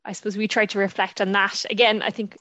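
Female host, halting questions, lo-fi recording. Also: medium pitch, little pitch movement, a bit bright, no echo. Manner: hesitant, many fillers, searching for words. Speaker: interview host. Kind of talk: conversational interview.

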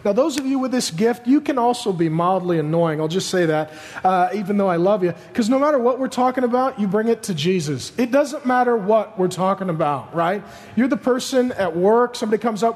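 Man, pastor, very high voice, animated joking sermon, echoing hall. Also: brisk.

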